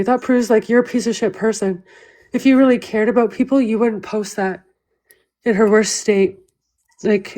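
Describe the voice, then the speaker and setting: A woman's voice: medium pitch, dark tone, low-quality recording. A woman livestreaming, ranting at length in a heated, profane, repetitive way.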